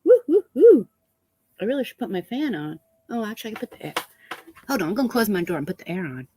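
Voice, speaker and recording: A woman with a medium-pitched, husky, slightly mellow voice chats casually on a live stream from a small room at home. Congested from a head cold, she talks rapid-fire and expressively, rambling, laughing often and greeting viewers by name. The recording is rough.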